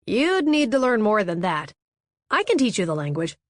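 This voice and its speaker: A woman's voice: mid-range voice, very animated, moderate pace, no echo, studio quality, close to an everyday voice. A woman voicing a confident, teasing male artist in an audiobook, with a wry, self-assured delivery.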